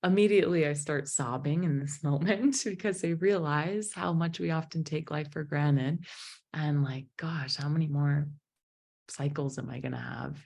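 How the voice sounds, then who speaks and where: A woman giving a motivational talk to a group at an evening presentation, telling a personal story in an emotive, animated way. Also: low-pitched, normal speed, gravelly. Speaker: motivational speaker and business founder.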